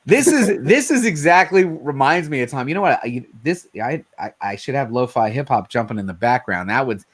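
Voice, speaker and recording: A man's voice: medium pitch, a little fast. A man hosting a casual late-night chat, telling loose stories and acting out the quotes in them. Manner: loose, animated storytelling with acted-out quotes. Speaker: host.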